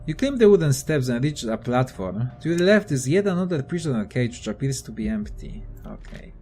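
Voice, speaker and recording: A man's voice: medium pitch, very animated, brisk, darkish tone, faint music behind. Casual young man, swearing gamer. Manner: profane, offhand, thinking aloud. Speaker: let's play gamer. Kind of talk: casual gameplay commentary, reading game text aloud.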